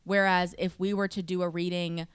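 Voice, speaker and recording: Low, smooth-voiced woman explaining. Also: level tone, no echo. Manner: measured, explanatory. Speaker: podcast co-host. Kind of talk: casual chat.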